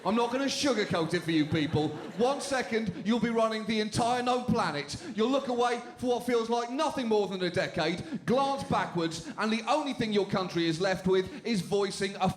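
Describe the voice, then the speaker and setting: A British man hosting a stand-up show, delivering jokes with dry deadpan timing on a club stage. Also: high-pitched, normal speed, hardly any pauses, soft background music. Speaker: comedy show host. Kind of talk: stand-up comedy. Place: comedy club stage with live audience. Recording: laughing crowd and room noise.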